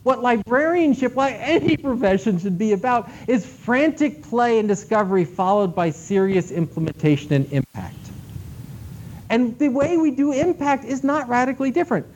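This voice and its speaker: A man giving an animated conference talk to librarians, emphatic and swinging between loud and hushed delivery. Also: very high-pitched, moderate pace. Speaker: keynote speaker at a library conference. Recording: dull lo-fi recording with faint noise.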